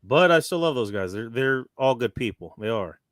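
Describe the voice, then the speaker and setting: A man's voice: medium pitch, normal speed, no room sound. A man in casual chat, joking and swearing freely. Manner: animated, profane, joking.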